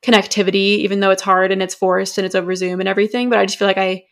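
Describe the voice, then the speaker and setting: A woman's voice: mid-range voice, little pitch movement, racing. A woman in her twenties, co-hosting a podcast in casual chat, talking freely with lots of "like". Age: 20s. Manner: chatty, frequent "like" fillers. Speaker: podcast co-host.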